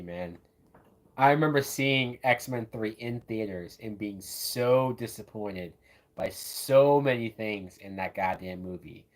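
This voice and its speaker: A man giving casual, loose live commentary while watching a movie, often tossing in "man" and "like". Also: lowish voice. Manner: loose, chatty, says "man" and "like" a lot.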